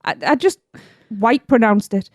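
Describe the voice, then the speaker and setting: A woman's voice: a little high, a little slow, no room sound, clean studio sound. A woman co-hosting a podcast in casual chat, giggly and playful, tripping over words. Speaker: podcast co-host.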